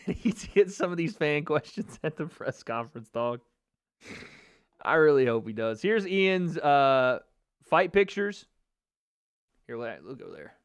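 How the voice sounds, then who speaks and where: A man mocks and jokes his way through a live MMA talk stream, swearing freely and laughing often. His voice is a little high and swoops up and down a lot. The sound is dry and close to the mic. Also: fairly bright tone, no room sound. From United States. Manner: mocking, profane, laughs often. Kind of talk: casual livestream commentary.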